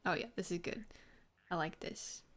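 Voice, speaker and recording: A woman's voice: on the low side, normal speed, fairly bright tone. A woman streamer chatting casually while she plays a game, wry and self-mocking with rambling asides. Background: faint game music.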